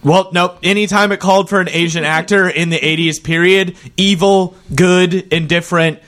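A man co-hosting a casual movie podcast, animated and quick to swear and laugh. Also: high voice. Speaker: podcast co-host.

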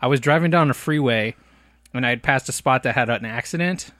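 A man's voice: mid-range voice, fairly quick, sharp tone, no room sound, studio quality. A man hosting a casual podcast, joking crudely and laughing often. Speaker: podcast host.

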